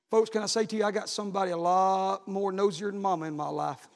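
A man preaching a sermon, swinging between loud exhortation and low, quiet appeals. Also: fairly even intonation, quick pace, vocal fry, few pauses, big-room sound.

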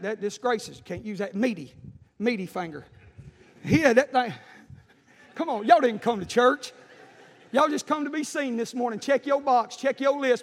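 A man preaching a fiery sermon in a church, moving between shouted exhortation and folksy storytelling. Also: extremely high pitch. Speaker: pastor. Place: church sanctuary. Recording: echoey church hall.

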